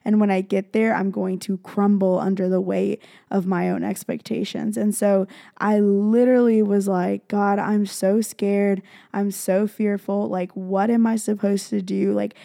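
A young woman chats to her viewers, retelling a personal faith story with lots of fillers and plenty of feeling. Her voice is mellow and warm, with a gravelly fry running through it. The sound is close and dry. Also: medium pitch, flat delivery, unhurried, dry recording. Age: young adult. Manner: chatty, heavy filler "like", emotional retelling. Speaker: vlogger. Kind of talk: casual faith storytelling to camera.

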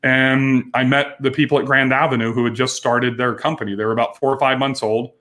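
A man in his forties talks frankly as an interview guest, earnest and direct. His voice sits at an ordinary middle pitch, and he often stops to restart a phrase. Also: level tone, a little fast, a bit bright. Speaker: entrepreneur guest. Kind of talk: candid interview storytelling.

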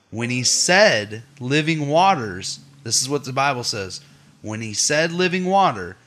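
At home, a man leads his family's Bible study, reading scripture aloud steadily and pausing for chatty asides to his listeners. His voice is medium in pitch with a sharp tone.

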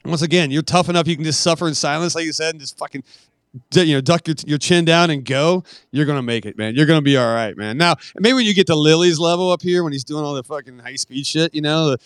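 Middle-aged man on a podcast, spinning a long war story in a loose, swearing drawl. His voice sits a little high for a man and sounds close and dry, with no room echo, and he slips into the voices of the people he quotes. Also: fast. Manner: profane, laid-back storyteller, acts out quoted voices. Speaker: podcast guest. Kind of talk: casual storytelling interview.

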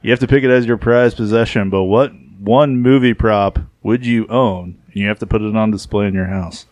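A man's voice: on the low side, fairly even intonation, moderate pace, darkish tone, no room sound. A man hosting a casual podcast chat, joking and swearing as he asks his friends questions. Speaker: podcast host.

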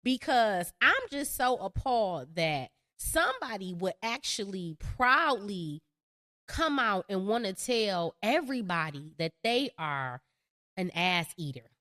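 Woman, podcast co-host, brash, lively swooping voice, dry sound. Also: mid-range voice, a little slow, dry recording. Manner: brash, animated and profane, laughs often. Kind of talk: casual chat.

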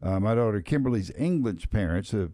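A man's voice: on the low side, expressive, a little fast, mellow, dry recording, clean studio sound. A Texas-accented man co-hosting a sports radio show, telling stories in a hesitant way full of restarts. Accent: Texan. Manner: hesitant, many ums and restarts. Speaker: radio co-host. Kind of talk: casual on-air chat.

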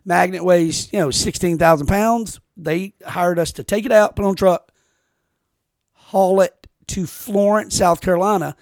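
A man's voice: high voice, normal speed, no echo, clean studio sound. A man hosting a podcast, telling rambling, profane stories with lots of restarts. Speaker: podcast host. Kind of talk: casual podcast chat.

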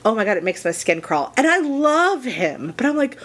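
A woman's voice: a little high, big pitch swings, moderate pace, a bit bright. A woman co-hosting a podcast, telling a rambling, gushing story in casual chat. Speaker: podcast co-host.

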